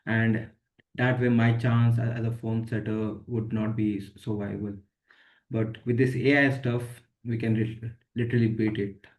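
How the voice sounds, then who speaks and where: Man in a coaching call, halting and agreeable. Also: fairly low pitch, flat delivery, poor audio. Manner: brief agreeing replies, halting restarts. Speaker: coaching participant.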